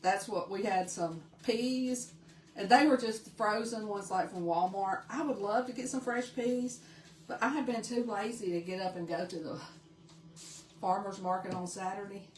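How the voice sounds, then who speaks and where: A woman's voice: medium pitch, normal speed, reverberant, recorded from a distance. A woman from Tennessee with a Southern accent, chatting casually while demonstrating a craft on a live stream and greeting viewers by name. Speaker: craft livestream host.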